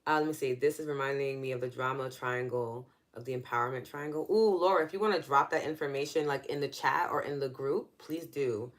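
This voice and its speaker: This EFT session host, a woman with a New York accent, runs a live online class, explaining earnestly and chatting back to viewer comments. Her voice is deep, almost bass, and she speaks a little fast with hardly any pauses.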